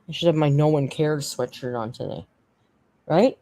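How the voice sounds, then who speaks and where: A woman's voice: sits low, moderate pace, warm tone, no room sound. A woman hosting a casual livestream from home, rambling and chatty as she thanks chat members, on a desk microphone. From Canada. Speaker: livestream host.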